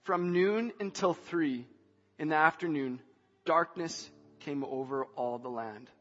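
A man preaching a sermon who moves from hushed scripture reading to shouted emphasis. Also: fairly high pitch, unhurried. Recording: dull sound, long hall reverb, faint music.

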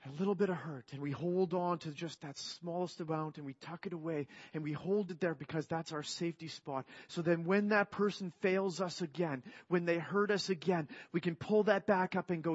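Man preacher, earnest, fairly high voice, slightly dull recording; soft to emphatic sermon delivery. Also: normal speed, few pauses, husky. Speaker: pastor.

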